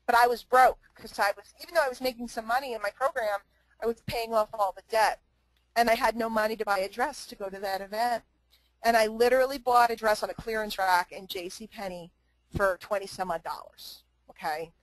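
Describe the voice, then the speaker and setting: A woman's voice: on the high side, brisk, dry recording, rough recording. A woman giving a motivational talk to a live online group, emphatic and repetitive, with chatty asides to her listeners. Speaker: motivational speaker and trainer.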